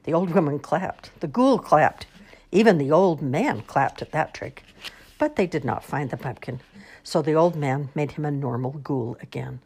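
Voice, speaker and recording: A woman reading children's picture books aloud in an expressive, sing-song storytelling manner. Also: deep voice, normal speed, slightly rough.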